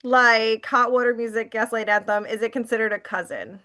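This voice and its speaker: A woman hosting and moderating a live online question session, friendly and quick to laugh, on a video call. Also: a little high, fairly even intonation, pushed and bright. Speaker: event host and moderator.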